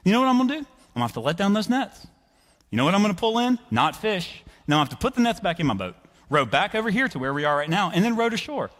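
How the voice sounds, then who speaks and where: A man's voice: on the high side, big pitch swings, rapid-fire, fairly bright tone, voice pushed up. A man voicing an anxious male fisherman who makes excuses, whiny and exaggerated. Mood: complaining. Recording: reverberant church hall.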